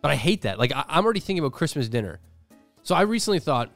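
A man co-hosting a podcast in casual chat, animated, laughing often and acting out the voices he quotes. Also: a little high, racing, gravelly, dry recording, soft background music. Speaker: podcast co-host.

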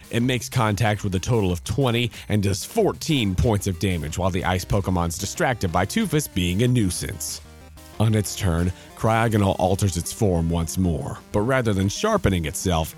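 A man giving scripted narration of a tabletop role-playing battle, lively and reading out dice rolls. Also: lowish voice.

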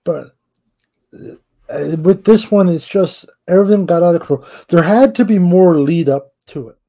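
A middle-aged man talks wrestling in a blunt, emphatic way, swearing as he makes his point. His voice sits a little high for a man, and its tone is soft and mellow. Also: normal speed. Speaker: podcast co-host. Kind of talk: casual wrestling chat.

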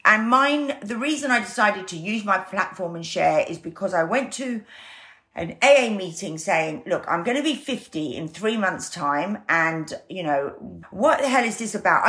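Animated woman in her fifties. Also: on the low side, normal speed. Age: 50s. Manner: animated, acts out quoted voices. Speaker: guest. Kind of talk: candid conversational storytelling.

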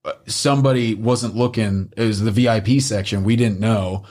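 A man telling a wild personal story on a podcast in casual, animated style, swearing freely and acting out what people said. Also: fairly low pitch, moderate pace. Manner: animated, swears often, acts out quotes.

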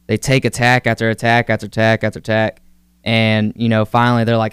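Male co-host, rambling storyteller, crisp resonant voice. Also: on the low side, fairly quick, no room sound. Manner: rambling storyteller, animated retelling. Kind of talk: casual Christian discussion.

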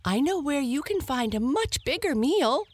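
A woman voicing a small, quick-witted female hare in a bedtime storybook, squeaking and pleading. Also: very animated, no echo. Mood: squeaky pleading.

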